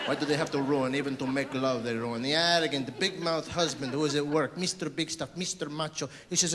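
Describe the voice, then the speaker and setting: Male stand-up, high-voiced, mock-sincere, on a hand mic in a noisy live venue. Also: animated, brisk, few pauses. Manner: mock-sincere, fake-tender delivery building to outraged lists. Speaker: stand-up comedian. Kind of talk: stand-up routine. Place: concert hall stage. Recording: live club recording with loud crowd.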